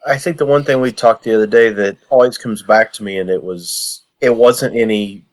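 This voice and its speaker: A man's voice: fairly low pitch, moderate pace. A man, a guest on a podcast, telling a story and acting out the lines he quotes. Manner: tells a story warmly, acts out lines and laughs. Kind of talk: casual anecdote.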